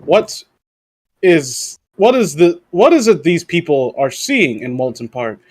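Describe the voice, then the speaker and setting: Podcast host guy, a bit high voiced, jokey, stumbles reading stuff out. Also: animated, a little mellow. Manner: reads aloud haltingly, joking. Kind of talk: casual podcast chat.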